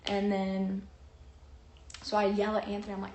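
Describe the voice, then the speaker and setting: This young vlogger tells a long personal story in a chatty, rambling style, full of fillers and quoted lines she acts out, yet her medium-pitched, darkish voice stays completely flat. She goes at a moderate pace with long pauses, recorded in an echoey room with faint noise.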